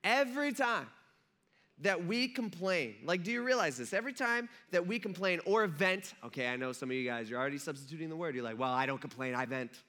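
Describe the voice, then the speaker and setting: Animated high-voiced preaching man. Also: brisk. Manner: conversational, animated, asks the crowd questions. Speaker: pastor. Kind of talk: sermon.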